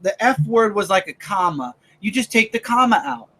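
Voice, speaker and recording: A man hosting a live online show, chatting casually and eagerly about comics and TV, quick to jump in with opinions. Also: high-pitched, sing-song, bright, forceful tone. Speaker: podcast host.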